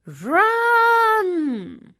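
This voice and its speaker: A kind, protective mother kangaroo from a children's storybook, voiced by a woman reading aloud. Her voice is high and lively, with a slightly husky edge, and she speaks gently and with care. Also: takes it slowly, exaggerated voice. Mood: frantic. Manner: gentle, caring, rising pitch.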